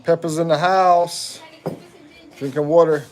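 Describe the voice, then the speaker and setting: Slow, playful man in his fifties. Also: on the high side, steady tone, a little mellow. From United States. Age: 50s. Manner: playful, joking, reading viewer comments aloud. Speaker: livestream host. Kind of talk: casual livestream chat.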